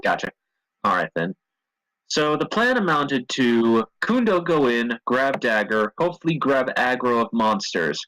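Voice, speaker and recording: A man's voice: mid-range voice, very animated, a little slow, a bit bright, dry recording, low-quality recording. A man running a tabletop game, explaining the plan step by step over a voice call.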